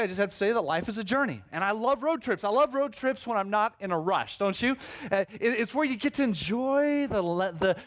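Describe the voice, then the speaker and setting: Middle-aged male pastor, slightly higher voice, lively storytelling sermon, stumbles and restarts often. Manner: animated storytelling with many restarts.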